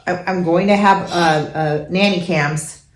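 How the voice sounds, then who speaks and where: A middle-aged woman co-hosting a casual chat show, telling stories animatedly and going high and loud when she quotes her own indignation. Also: unhurried, echoey room. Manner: animated storyteller who pitches up for indignant quotes. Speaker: co-host.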